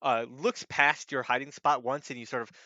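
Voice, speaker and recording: Brief: male game master, halting narration, bright tone, dry muffled recording. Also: medium pitch, fairly even intonation, no room sound. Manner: halting, heavy with fillers.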